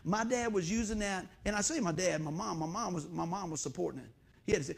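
A man's voice: high voice, lively intonation, quick pace, gravelly. A middle-aged man preaching a casual, storytelling sermon in church, folksy and confiding. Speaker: pastor. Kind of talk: conversational sermon.

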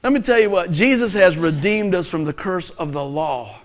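A middle-aged man preaching a sermon, telling stories with animated swings between loud laughter and quiet earnest points. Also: high-pitched, moderate pace. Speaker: pastor.

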